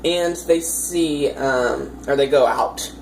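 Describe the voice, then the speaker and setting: A woman's voice: extremely low pitch, takes it slowly, darkish tone, slight background noise, low-quality recording. A woman dungeon master casually recounting her tabletop campaign in a chatty, rambling way with lots of fillers.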